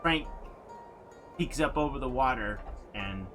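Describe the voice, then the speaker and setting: A man narrating as game master in a playful, lively manner. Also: mid-range voice, measured pace, soft background music.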